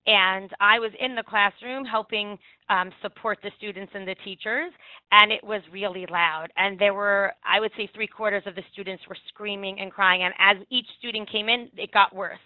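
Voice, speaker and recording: A woman's voice: medium pitch, no room sound, narrow, tinny audio. A woman early childhood educator giving earnest, practical advice and telling classroom anecdotes, with brief restarts now and then. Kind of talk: instructive talk with anecdotes.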